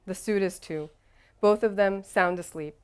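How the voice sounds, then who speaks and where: A woman reads a first-person story in a wry, self-deprecating tone. Her voice is smooth and clear at an ordinary pitch, with steady, measured delivery. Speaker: narrator. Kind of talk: first-person audiobook narration.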